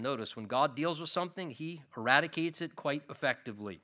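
Bright-voiced man preaching earnestly. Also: on the high side, expressive, brisk, few pauses. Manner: earnest, repeats key phrases for emphasis. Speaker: pastor. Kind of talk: expository Bible sermon.

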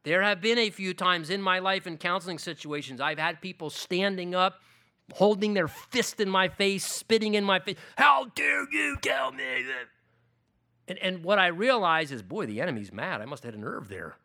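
A middle-aged man preaching a sermon as pastor, moving between emphatic lines and hushed ones. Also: high-pitched, a little fast.

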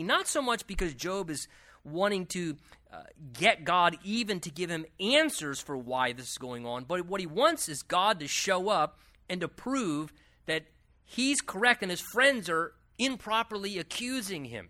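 A male pastor teaches from the Bible in a lively, swooping delivery with a slightly high voice. He keeps it conversational and animated, tossing in chatty asides and quickly correcting himself.

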